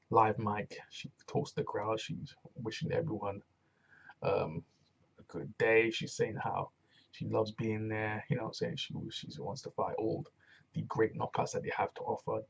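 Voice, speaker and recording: A man's voice: lowish voice, normal speed, creaky, husky. A man giving a casual, rambling review of a wrestling show, retelling segments with loose commentary. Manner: rambling, animated retelling with acted quotes and laughs.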